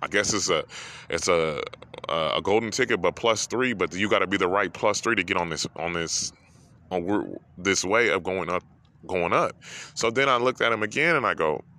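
A man hosting a podcast speaks at a moderate pace, his low voice carrying a sharp edge. Close to crying, he recounts a personal story in an emotional, rambling way full of repeated phrases.

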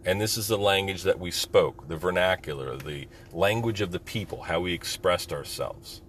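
A man's voice: low-pitched, moderate pace, fairly bright tone, slight background noise. A man and military veteran talking candidly in a casual monologue, rambling with many fillers.

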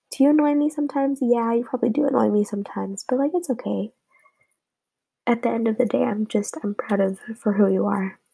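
A young woman speaks in a casual, rambling way as she thanks her friends one by one, emotional and sometimes sinking low. Her voice is mellow and dark, with a gravelly, husky grain. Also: poor audio. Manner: rambling, emotional, drops to a whisper at times. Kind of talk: casual heartfelt message to friends.

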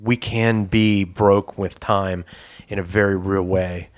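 Lower-voiced guy musing on a podcast, lots of restarts. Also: steady tone, takes it slowly. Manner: reflective, rambling with restarts. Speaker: podcast co-host. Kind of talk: casual chat.

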